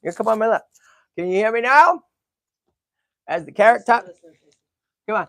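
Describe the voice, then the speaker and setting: A man's voice: high-pitched, lively intonation, a little fast, creaky, long pauses, a bit bright. A middle-aged man hosting a casual live stream, speaking with emotion straight to his viewers and breaking off into frequent restarts. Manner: emotional, talks to viewers and animals, many restarts. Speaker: livestream host.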